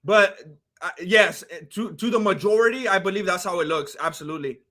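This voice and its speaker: A high-pitched man from California hosts a casual livestream, chatting loosely about fights and reading viewer comments aloud. His voice is bright and forward, and his talk wanders, padded with "like" and "you know.". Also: a little fast.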